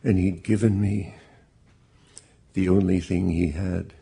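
Deep gravelly man telling slowly. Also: level tone, dark tone. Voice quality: gravelly, husky. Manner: slow, measured, deeply earnest. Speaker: bereaved father giving testimony. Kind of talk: personal storytelling testimony.

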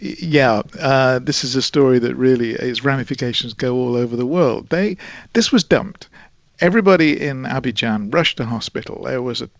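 A man, a guest in an interview, telling a long story in a measured, wry way with dry humour. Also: medium pitch, creaky, dry recording, highs cut off.

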